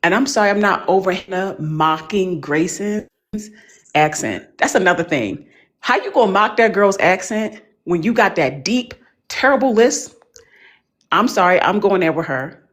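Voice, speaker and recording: A woman talking as a panelist in casual chat, animated and emphatic, full of slang. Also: mid-range voice, moderate pace.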